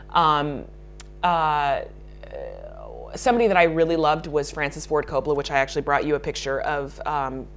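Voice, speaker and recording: A woman makeup artist answering interview questions in a chatty way, laughing often and restarting her sentences. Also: sits low.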